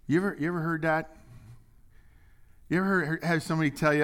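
A man delivers a sermon from the pulpit in a mid-range voice. He acts out scripture quotes with raised energy. Then he falls back to low, confiding remarks. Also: fairly quick, long pauses. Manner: animated, swings between loud acted quotes and quiet asides. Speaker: pastor.

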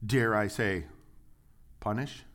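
A man preaching a sermon, reading scripture and acting out quotes, shifting between loud, raised lines and quiet asides. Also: lowish voice, slow pace. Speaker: pastor.

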